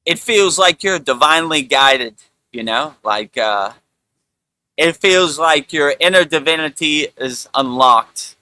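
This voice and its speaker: A middle-aged man hosting a spiritual talk, speaking in a relaxed, rambling way with lots of "you know". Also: a little high, measured pace, dry recording, rough recording. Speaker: spiritual teacher and show host.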